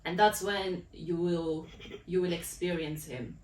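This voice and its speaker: A woman's voice: fairly low pitch, fairly even intonation, unhurried, darkish tone. A woman co-hosting a podcast in casual faith conversation, reflective and thinking aloud. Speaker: podcast co-host. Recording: echoey room, distant mic, faint noise.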